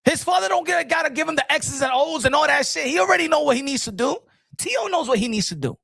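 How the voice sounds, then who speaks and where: A middle-aged man hosting a casual boxing talk show, animated and repetitive, talking straight to his viewers in the chat. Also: extremely high pitch, fast, creaky, no room sound, clean studio sound. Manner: animated, repeats himself, addresses folks in the chat.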